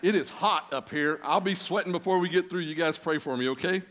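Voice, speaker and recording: A man of about sixty delivers a sermon to a big congregation. He tells stories in a folksy, self-deprecating way and fills his pauses with "uh." His voice sits a little higher than most men's. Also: a bit bright. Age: 60s. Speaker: guest preacher. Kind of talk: sermon with storytelling. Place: church stage before a large congregation.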